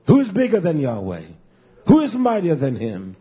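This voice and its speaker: A man preaching a sermon with emphatic repetition, swinging between quiet low passages and raised calls. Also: wildly swooping pitch, normal speed, breathy edge. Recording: dull lo-fi recording.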